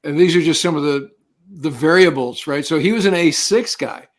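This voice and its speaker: A man with a somewhat high voice hosts an interview. He asks relaxed, conversational questions and sets up each topic for his guest, sometimes restarting his sentences. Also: moderate pace. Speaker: podcast host.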